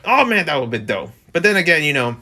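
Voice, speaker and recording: A young man in his twenties hosting a casual commentary vlog, rambling and animated, his voice jumping up when exasperated. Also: quick pace. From New Jersey. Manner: rambling, animated, restarts and fillers, pitch jumps when exasperated. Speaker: vlog host.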